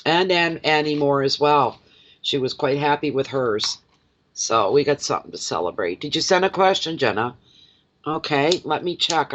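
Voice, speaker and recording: A man's voice: medium pitch, a bit bright, a little hiss or hum. A middle-aged man and intuitive card reader, chatting emotionally and telling stories on a casual livestream.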